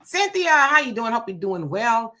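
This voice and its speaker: Sex: woman. Role: livestream host. Style: casual chat, reading viewer comments. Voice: bright, forward. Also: on the high side, very animated, normal speed. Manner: chatty, conversational, greets viewers by name.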